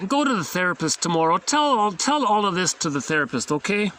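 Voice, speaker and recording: A man's voice: high voice, big pitch swings, brisk, pushed and bright, pitched above the performer's own voice, exaggerated voice. A man reading the complaints of a jealous, exasperated husband in therapy, in an emphatic voice.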